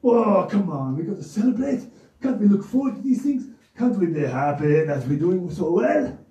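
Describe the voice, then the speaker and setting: A giddy, boastful show-off who talks about himself in the third person and gushes in clipped, childlike phrases, as a man puts him on. The voice rides high and swoops wildly between shouts and mutters. It sounds far from the mic in a roomy, echoing space. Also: big pitch swings, normal speed. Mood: eager pleading. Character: excitable boastful male character, childlike broken speech. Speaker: regular character of a children's Bible show. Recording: roomy echo, distant mic.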